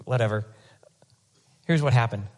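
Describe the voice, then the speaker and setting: Delivering an animated, chatty sermon peppered with comic asides, a male pastor of medium pitch keeps a moderate pace. He frequently repeats words as he reworks what he's saying.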